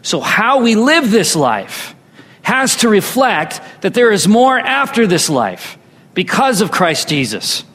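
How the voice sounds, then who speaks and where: A man's voice: high voice, big pitch swings, slow pace, a bit bright. A man preaching a sermon as pastor, drawing his congregation into call-and-response. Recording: long reverb hall.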